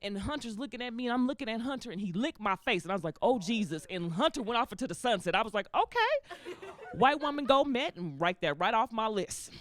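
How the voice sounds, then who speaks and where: A woman's voice: fairly high pitch, fast talker, hardly any pauses. A woman performing a stand-up comedy set, telling stories and acting out the people in them. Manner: animated storytelling, acting out characters. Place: comedy club stage with laughing audience. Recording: live stage mic with audience laughter.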